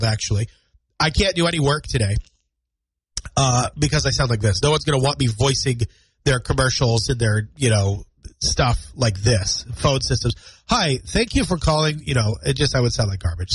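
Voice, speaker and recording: This is a man in his thirties doing solo morning radio talk in a studio, chatty and poking fun at himself, his cold leaving him nasal, congested, stuffy-nosed, and scratchy-throated. He has a mid-range voice that's a bit bright with a breathy edge. The studio-mic recording is low quality.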